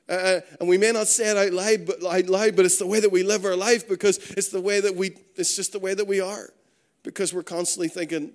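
A man preaching a conversational sermon, letting his voice drop low and quiet on key points. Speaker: pastor.

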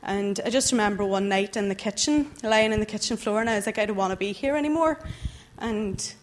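A young woman tells her personal testimony to a church gathering. She speaks earnestly and a little haltingly, with the weight of emotion running through her words, in a voice that sits at a middling pitch. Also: slight background noise. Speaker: church member giving testimony.

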